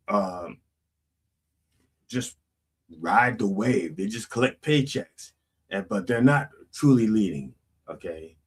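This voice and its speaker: Male host, husky, animated delivery; lectures through lyrics like a sermon. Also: medium pitch. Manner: lively, preachy, peppered with "okay?". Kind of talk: song lyric commentary.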